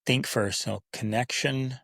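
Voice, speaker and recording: A man hosting a parenting podcast in casual talk, animated, acting out kids and parents in playful voices. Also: mid-range voice, unhurried, vocal fry, dry recording, clean studio sound. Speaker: podcast host.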